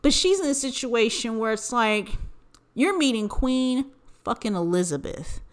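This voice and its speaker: A woman's voice: a little high, lively intonation, measured pace. An American woman hosting a podcast, ranting in casual, profanity-filled commentary. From United States. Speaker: podcast host.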